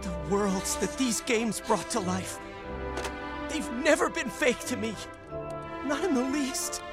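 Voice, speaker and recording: High, slow-spoken young hero, earnest and defiant, lively pitch, loud score behind. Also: male voice, over loud music. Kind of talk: dubbed film acting. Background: film score.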